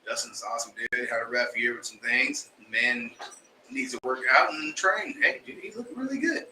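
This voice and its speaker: A man co-hosting a casual chat show, loud and excitable, swearing freely. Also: medium pitch, moderate pace. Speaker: co-host. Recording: roomy and distant with faint noise.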